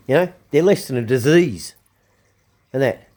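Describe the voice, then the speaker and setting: A man's voice: medium pitch, lively intonation, unhurried, dark tone. An Australian man hosting his own show, ranting angrily with lots of swearing and repetition. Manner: swearing, blunt, repeats himself. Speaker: show host. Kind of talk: angry ranting commentary.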